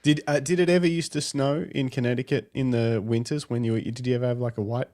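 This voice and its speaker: An Australian man co-hosting a casual podcast interview, chatty and quick to laugh. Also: mid-range voice, fairly even intonation, darkish tone. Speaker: podcast co-host.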